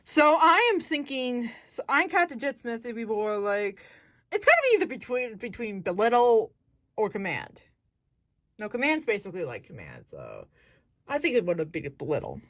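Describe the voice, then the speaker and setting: A woman's voice: on the high side, huge pitch swings, normal speed, a bit bright. A woman giving a casual acting lesson, earnest and thinking aloud as she restarts her sentences. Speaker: acting vlogger.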